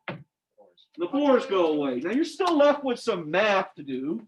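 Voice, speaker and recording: A man's voice: high-pitched, sing-song, takes it slowly, slight background noise. A man teaching algebra to a class, informal and joking, quizzing his students as he works through problems. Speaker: math teacher. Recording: dull lo-fi classroom recording.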